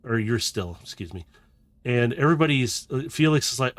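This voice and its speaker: A man narrating a tabletop game as game master, slow and descriptive with frequent restarts. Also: medium pitch, expressive, no echo.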